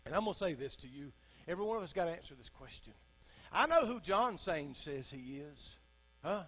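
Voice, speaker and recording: Man preaching, high voice, passionate and dynamic delivery, muffled lo-fi recording with a low hum. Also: big pitch swings, a little fast, few pauses. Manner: impassioned preaching, swings from hushed to shouting. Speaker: pastor. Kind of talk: sermon.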